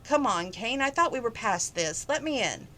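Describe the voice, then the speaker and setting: A woman reading as a brisk, upbeat young woman. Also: on the high side, expressive, bright, forceful tone, a little hiss or hum. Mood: insistent.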